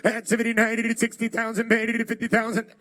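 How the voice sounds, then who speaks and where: A man working as an auctioneer, chanting bid numbers in a rapid rhythmic stream with quick banter between lots. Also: very high-pitched, completely flat delivery, a bit bright. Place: large auction hall.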